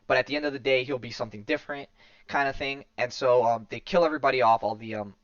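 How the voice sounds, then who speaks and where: A man's voice: medium pitch, fast talker, no echo. A man talks through a comic story in loose podcast chat, full of "um"s, restarts and backtracking. His voice comes through a dull lo-fi recording. The sound is dry and close, with no room around it. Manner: rambling, many fillers and restarts. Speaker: podcast host. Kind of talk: casual chat recapping a comic.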